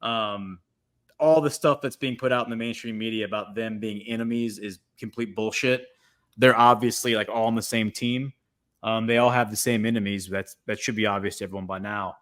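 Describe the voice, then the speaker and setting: A man's voice: fairly low pitch, fairly even intonation, moderate pace, a bit bright. Rambling man on a livestream. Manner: rambling, many restarts and fillers. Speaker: guest commentator. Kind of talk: livestream political discussion.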